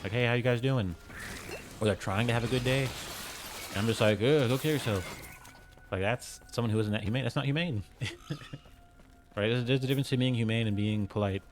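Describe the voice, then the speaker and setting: A man's voice: on the low side, fairly even intonation, fast, music in the background. A man streaming a game, rambling casually with lots of filler words and frequent chuckles. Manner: rambling, heavy use of "like", chuckles often.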